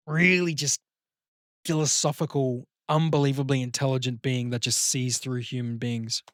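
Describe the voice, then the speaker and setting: A man co-hosting a podcast in casual chat, rambling as he pitches a story and acting out bits of it. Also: no room sound, studio quality. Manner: rambling, swears often, acts out voices. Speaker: podcast co-host.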